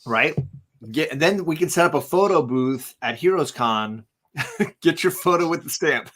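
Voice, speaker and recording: A man's voice: a little high, lively intonation, moderate pace, a bit bright. A man hosting a charity livestream in casual chat. He rambles, uses many fillers and thanks donors by name. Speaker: livestream host.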